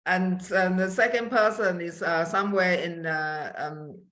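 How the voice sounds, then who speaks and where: A woman's voice: fairly low pitch, measured pace, fairly bright tone. A woman guest on a Zoom call, answering questions about her network marketing work in a casual, plain-spoken way, with hesitant fillers. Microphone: video call.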